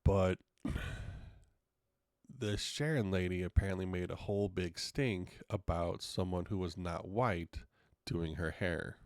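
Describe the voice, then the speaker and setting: A deep-voiced man hosts a podcast, telling stories in casual solo talk, frank and a bit profane, acting out quotes as he retells them. He speaks slowly, and the recording is dry with clean studio sound.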